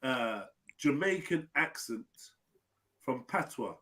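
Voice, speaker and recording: A man's voice: mid-range voice, animated, slow, fairly bright tone, breathy edge. A man hosting a live online panel, bantering in slang and steering the talk. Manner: joking, slangy, keeps steering the chat. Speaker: host of a live panel stream. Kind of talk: casual group banter.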